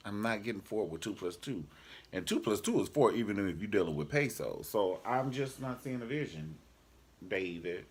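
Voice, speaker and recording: A man's voice: on the low side, fairly bright tone. A man casually reviewing a TV drama episode in a sassy, joking vlog style. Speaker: TV show reviewer.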